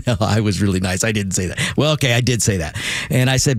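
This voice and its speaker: A man hosting a talk radio show in a studio, delivering an animated monologue full of stammered restarts and repeated words. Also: lowish voice, brisk, no echo. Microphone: studio microphone.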